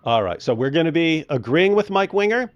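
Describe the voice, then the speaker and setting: A man's voice: a little high, big pitch swings, brisk, no room sound, lo-fi sound. A man hosting a casual livestream, reading chat comments and mocking his subject between laughs. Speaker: host.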